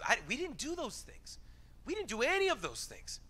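Animated high-voiced male preacher. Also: moderate pace. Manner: lively, conversational, acts out quoted voices. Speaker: pastor. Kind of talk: sermon.

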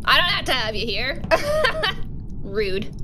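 A woman's voice: a little high, big pitch swings, slow, background noise. A woman livestreaming a game with viewers, chatting casually, scolding sassily and shrieking in mock terror. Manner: sassy scolding. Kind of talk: casual livestream gameplay chat.

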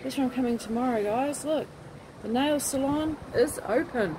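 A woman's voice: high-pitched, normal speed. Chatty woman on a noisy street. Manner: chatty, rambling, flirty. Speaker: vlogger. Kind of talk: casual street vlog chat. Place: outdoors on a city street at night.

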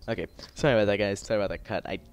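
A man's voice: fairly low pitch, fairly even intonation, racing, clear, resonant tone. A teenage boy rambling in casual gameplay commentary, full of fillers and frustrated ranting. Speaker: gaming YouTuber.

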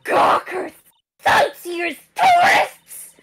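A woman voicing a nagging old female security guard on a game stream, with shrill, screeching shouts and rapid-fire scolding rants. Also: big pitch swings, heavily acted. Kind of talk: voice-acting a game script on a livestream.

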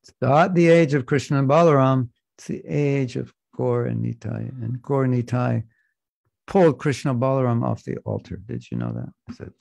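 A man with a gravelly, creaky voice teaches a scripture class. He reads slowly and with measure, then breaks off for joking asides. The sound is dry and close, with no room echo. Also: mid-range voice, expressive, a little mellow. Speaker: spiritual teacher. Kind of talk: scripture class, reading and commenting.

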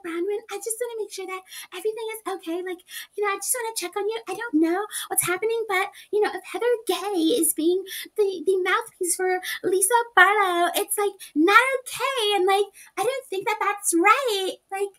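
A woman's voice: extremely high pitch, moderate pace, a bit bright, voice pushed up. A woman putting on a nervous, fussy woman who hedges with "like" and "you know". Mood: fretful. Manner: hesitant, full of "like" and "you know". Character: nervous fussy woman, smoothing things over.

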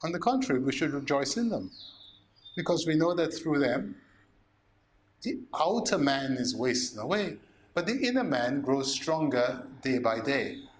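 A man, a priest preaching a sermon, slow and emphatic, asking rhetorical questions. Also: medium pitch, big pitch swings, slight background noise.

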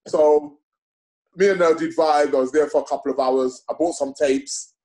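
A man's voice: a little high, moderate pace. A middle-aged man telling stories in a casual interview, acting out what other people said and using lots of slang. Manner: animated, acts out other people's lines with slang-heavy talk. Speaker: interview guest. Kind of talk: casual storytelling chat.

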